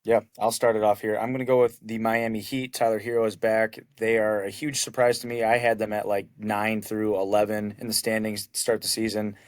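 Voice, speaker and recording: A man's voice: on the low side, level tone, fairly quick, few pauses, no room sound, studio quality. A man co-hosting a casual sports podcast, upbeat as he talks through his picks. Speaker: podcast co-host.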